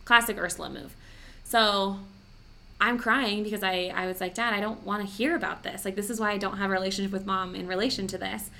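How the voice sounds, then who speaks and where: A woman's voice: mid-range voice, fairly even intonation, brisk, vocal fry, bright, forceful tone. A young woman hosting a podcast, telling a personal story in a chatty, emotional way full of "like". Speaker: podcast host. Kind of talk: casual podcast chat.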